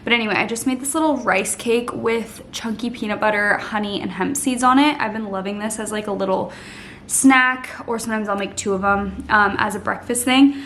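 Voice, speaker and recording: A young woman in her twenties chatting casually to camera as she makes a smoothie, saying "like" a lot and sometimes trailing off into soft murmurs. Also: mid-range voice, brisk, reverberant, far from the mic, a little hiss or hum, low-quality recording. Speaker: lifestyle vlogger. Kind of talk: casual vlog chat. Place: home kitchen.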